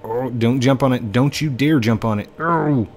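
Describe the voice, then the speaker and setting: A man's voice: mid-range voice, fairly even intonation, normal speed, darkish tone, slight background noise. A young man streaming a game live, playful and joking with friends. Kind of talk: casual gameplay live stream.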